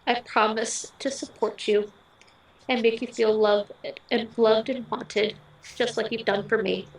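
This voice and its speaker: Young bride reading vows in an echoey hall. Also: female voice, a little high, fairly even intonation. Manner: heartfelt, earnest, pausing in short phrases. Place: wedding ceremony venue. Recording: echoey, picked up from a distance.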